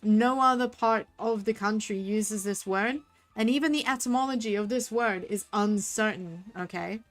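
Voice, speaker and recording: A woman's voice: mid-range voice, normal speed, faint music behind. A woman with a Devon accent, streaming a game and chatting in a giggly, rambling way. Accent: Devon English. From Southwest England. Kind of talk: casual gaming commentary.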